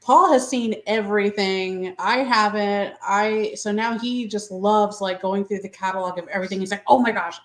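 Woman, young adult, podcast guest, animated, self-deprecating, middle pitch, roomy echo. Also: moderate pace, few pauses. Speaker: guest filmmaker. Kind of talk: casual podcast chat.

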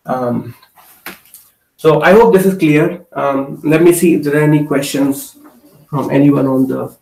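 A man's voice: a little high, unhurried, gravelly, darkish tone. A man teaching a live online Hindi class, explaining with many fillers and checking in with "okay" as he goes. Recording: echoey room, mic at a distance.

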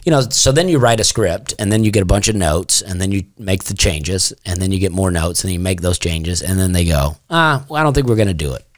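A man's voice: sits low, fairly quick, hardly any pauses, dry recording, studio quality. A man from Alabama, a stand-up comedian chatting casually as a podcast guest in a laid-back storytelling way. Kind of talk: casual interview chat.

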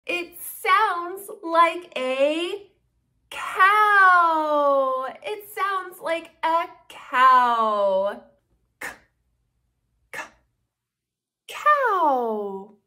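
Slow sing-song woman teaching toddlers. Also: very high voice, lively intonation, bright, forceful tone. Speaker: children's educational video host. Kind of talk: toddler speech lesson.

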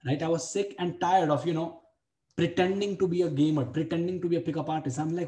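A man's voice: a little high, fairly even intonation, quick pace, warm tone. A young man, telling a blunt, profane personal story as a dating coach and repeating phrases for emphasis. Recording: echoey room.

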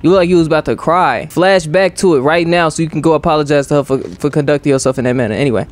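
A man's voice: fairly high pitch, very fast. A young man doing let's play commentary as a gaming streamer, joking in profane banter with his viewers.

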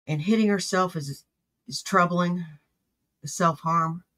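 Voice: mid-range voice, a little slow, pushed and bright. A commentator speaking bluntly and with exasperation, reacting to a stream.

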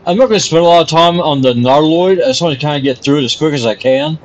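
A man's voice: a little high, fast, poor audio. A man casually commenting on his gameplay stream while coughing often and apologizing for it. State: coughing repeatedly.

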